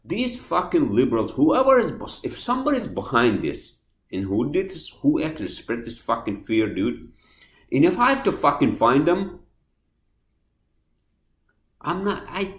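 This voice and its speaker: A man hosting a podcast, ranting angrily and swearing, swinging from loud outbursts to quiet apologies. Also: medium pitch, echoey room. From New Jersey, US. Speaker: podcast host. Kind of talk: heated podcast rant.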